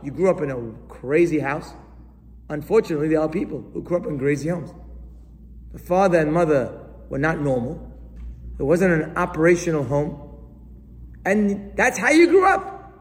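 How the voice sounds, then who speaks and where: Male preacher, high and very animated, acts out the people he talks about; reverberant hall sound. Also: moderate pace. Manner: animated, acts out questions and excuses in different voices. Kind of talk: sermon to a live audience.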